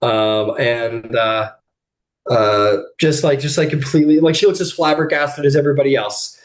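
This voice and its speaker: A man runs a tabletop game and narrates a jousting scene in an easygoing, rambling way. He often restarts lines and drops fillers between them. His voice sits at a middle pitch. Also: normal speed. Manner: lively, rambling, full of fillers. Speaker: game master.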